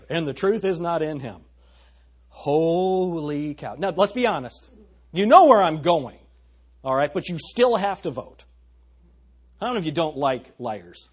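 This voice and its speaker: A man preaching a sermon in an animated, conversational way, asking the congregation rhetorical questions. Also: on the high side, breathy edge. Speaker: pastor.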